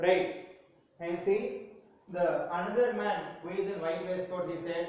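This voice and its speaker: A man's voice: high voice, fairly even intonation, moderate pace. A man with an Indian accent teaching an English class. He reads a story aloud, then explains each word and mixes in Telugu. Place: school classroom. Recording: echoey room, distant and dull mic.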